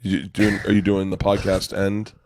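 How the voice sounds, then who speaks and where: A man taking part in a casual podcast conversation, joking around and telling quick anecdotes. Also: low voice, flat delivery, darkish tone.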